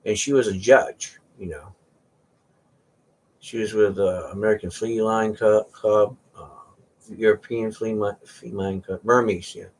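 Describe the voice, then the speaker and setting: A man's voice: on the low side, steady tone, measured pace. A man hosting a casual chat, rambling through stories about his cats and sometimes mimicking their meows. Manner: rambling storyteller, imitates cats meowing. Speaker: host.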